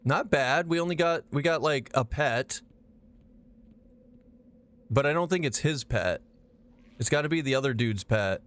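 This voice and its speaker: A man's voice: mid-range voice, unhurried, long pauses. A man streaming a game live, chatting casually with his chat, rambling and swearing as he plays. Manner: profane, animated, rambling.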